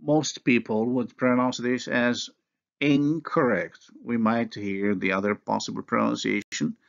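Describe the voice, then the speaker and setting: A man giving a recorded university phonology lecture, speaking deliberately and pausing to pronounce example words. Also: mid-range voice, fairly even intonation, gravelly, dull audio.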